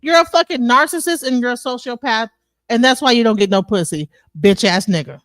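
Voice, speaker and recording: A woman's voice: a little high, fairly quick, fairly bright tone, no room sound. A woman on an online panel, indignant and insulting, often restarting her sentences. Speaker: panel participant. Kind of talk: heated online debate. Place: online audio space.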